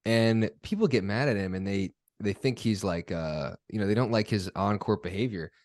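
A young man with a fairly low voice hosts a podcast and chats easily about his sport. He rambles, hedges and pokes fun at himself. The sound is close and dry, with no room around it. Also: normal speed, no room sound. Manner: relaxed, rambling, self-deprecating. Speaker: podcast host. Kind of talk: casual chat.

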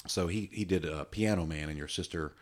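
A man's voice: deep voice, fairly quick. A man co-hosting a podcast, chatting casually in a joking, rambling, easygoing way. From Virginia. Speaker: podcast co-host. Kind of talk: casual chat.

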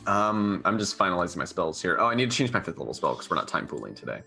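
A man's voice: deep voice, sing-song, fast talker, creaky, pushed and bright, soft background music. A man playing a tabletop role-playing game, stammering and laughing easily. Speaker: player. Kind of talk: casual tabletop play.

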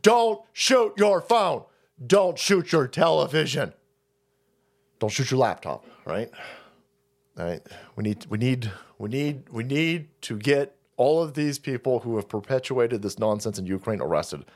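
A man's voice: mid-range voice, animated, measured pace. A man hosting a political livestream, ranting in a heated, profane way. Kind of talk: ranting political commentary stream.

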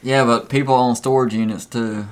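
A man co-hosting a comedy podcast, teasing and roasting a guest in quick banter. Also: mid-range voice, fairly even intonation, smooth. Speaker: podcast co-host.

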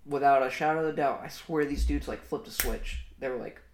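A man's voice: medium pitch, fairly quick, few pauses. A young man co-hosting a podcast, telling a story in a rambling, profane way with lots of fillers. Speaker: podcast co-host. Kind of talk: casual storytelling chat. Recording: echoey room, faint noise.

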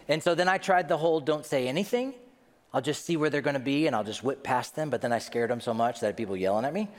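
A man's voice: mid-range voice, fast. A middle-aged man preaching a sermon as a pastor, telling stories with self-deprecating humor. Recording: long hall reverb.

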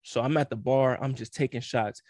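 Brief: young man, mid-pitched, dry close sound, slangy and animated, acts out every quote. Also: normal speed, no echo. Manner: slangy, animated storytelling with frequent laughs and acted-out quotes. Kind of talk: casual chat.

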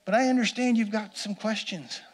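Earnest high-voiced male preacher. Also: moderate pace. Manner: earnest, repeats phrases for emphasis. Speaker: pastor. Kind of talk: sermon.

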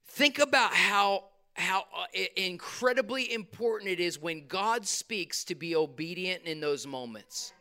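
A man delivers a lively sermon from the pulpit. His voice sits high and sounds smooth and clear. He swings between loud, fired-up bursts and quick, casual asides to the congregation. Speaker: pastor. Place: church hall.

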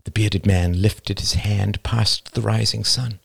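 A man reads a novel aloud in a slow, deliberate, dramatic manner. His voice is low and gravelly. The recording is close and dry, with no room sound. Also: steady tone, no room sound. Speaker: narrator. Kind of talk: audiobook narration.

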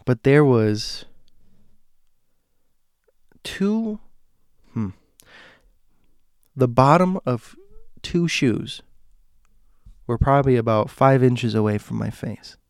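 A man with a gravelly, creaky voice tells a spooky personal story in a casual, conversational way. He stops, restarts and corrects himself as he searches for words. The sound is dry and close. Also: mid-range voice, no room sound. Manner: halting, self-correcting, conversational.

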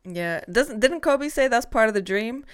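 Lady hosting a party talk show, smooth clear voice, easy loose chatter. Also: on the high side, animated, moderate pace, no room sound, studio quality. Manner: laughs often, talks in loose run-on sentences. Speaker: host. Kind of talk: casual chat.

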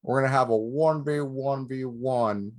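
A man's voice: mid-range voice, measured pace, dry recording. A man co-hosting a podcast in casual banter, joking and trash-talking with frequent laughs. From Southern California. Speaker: podcast co-host.

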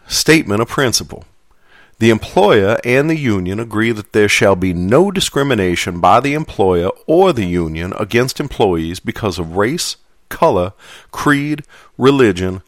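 A man voicing a formal Southern gentleman in a put-on Southern US accent, reciting contract clauses slowly and stately. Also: fairly low pitch, dry recording, clean studio sound. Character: formal adult male Southern gentleman reciting legal text.

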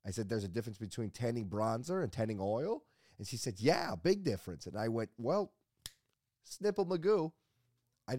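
Brief: male comedian podcast host, low-ish voice, loose rambling self-deprecating delivery, dry close sound. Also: mellow, dry recording. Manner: rambling, self-mocking storytelling. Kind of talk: casual podcast chat.

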